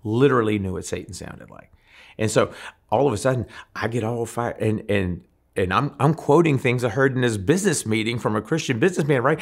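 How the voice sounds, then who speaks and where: A man from New Orleans, a musician being interviewed, telling animated stories and acting out the people in them. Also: medium pitch, normal speed, gravelly. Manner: animated storyteller, acts out voices in his anecdotes. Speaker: guest musician. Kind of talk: storytelling interview.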